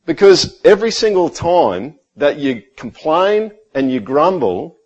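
Conversational pastor preaching. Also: male voice, a little high, big pitch swings, a little slow, low-quality recording. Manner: conversational preaching, rhetorical questions, drops to quiet intensity. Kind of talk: sermon.

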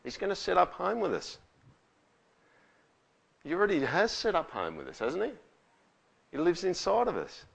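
Conversational preacher. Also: male voice, high-pitched, very animated, normal speed, creaky, long pauses, a bit bright, breathy edge. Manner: conversational, with frequent rhetorical tags. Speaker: pastor. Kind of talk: sermon.

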